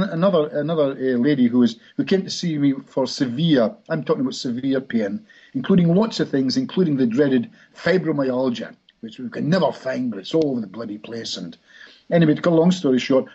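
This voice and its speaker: A man's voice: medium pitch, lively intonation, fast, a little mellow, husky. A man, a hypnotist guest telling rambling anecdotes in a podcast interview. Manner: rambling anecdotal, frequent restarts. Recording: dull lo-fi recording.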